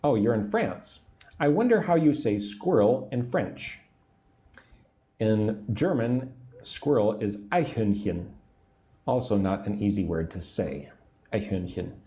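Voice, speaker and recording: An American man in his forties teaching English on a livestream, slowly repeating phrases and drilling pronunciation. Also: lowish voice, sing-song, mellow. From United States. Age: 40s. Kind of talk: livestream English lesson, reading viewer comments.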